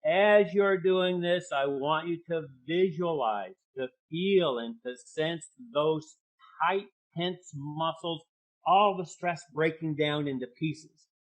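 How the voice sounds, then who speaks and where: Man coaching a calm relaxation exercise. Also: fairly high pitch. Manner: calm, coaching, drawn-out guided instructions. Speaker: webinar presenter, therapist. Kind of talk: guided relaxation lesson. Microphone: video call. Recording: dull lo-fi webinar audio.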